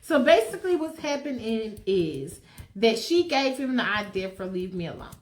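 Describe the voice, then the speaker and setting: A woman's voice: a little high, lively intonation, moderate pace. A woman telling a comedic fanfiction story in a casual, rambling, crude way, heavy on slang.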